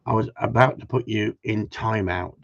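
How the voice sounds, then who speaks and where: A man hosts a casual livestream in a lowish, creaky voice at normal speed, joking and bantering with his chat and laughing often. The stream audio is dull and lo-fi.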